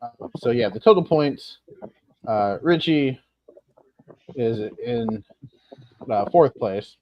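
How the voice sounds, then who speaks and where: A man's voice: medium pitch, animated, slow pace, dry recording. Rambling male podcast host, lo-fi. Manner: rambling, self-correcting, laughs at himself. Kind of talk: casual podcast chat. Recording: dull lo-fi sound.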